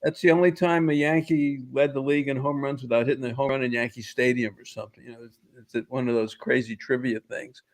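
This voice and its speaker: A male baseball analyst guesting on a talk show, with a mid-range voice and relaxed conversational pacing. His tone is fond and nostalgic as he recalls old ballparks. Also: mid-range voice, fairly quick, hardly any pauses. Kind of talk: casual sports talk.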